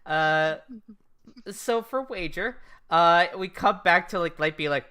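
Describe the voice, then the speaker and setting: A young woman co-hosting a casual anime recap podcast, summarizing episodes with deadpan jokes and frequent swearing. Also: fairly low pitch, takes it slowly, clear, resonant tone. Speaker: podcast co-host.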